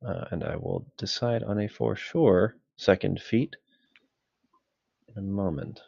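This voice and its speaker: A man with a low, gravelly voice chats casually as a tabletop game player. He thinks aloud and hesitates often. The close, dry sound is a bit muffled, like online call audio. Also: wildly swooping pitch, measured pace, darkish tone, dry recording.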